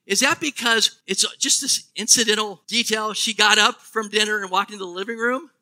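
Man, preacher, sermon, very bright tone, high pitch, asks the room questions. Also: normal speed. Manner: animated, asks the congregation questions. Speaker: pastor.

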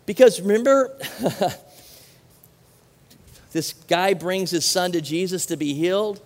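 A middle-aged man with a high-pitched voice delivers an animated sermon, firing questions at his listeners between casual asides. His voice rings out with a long reverb, as if in a large hall. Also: takes it slowly. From Southern California. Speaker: pastor.

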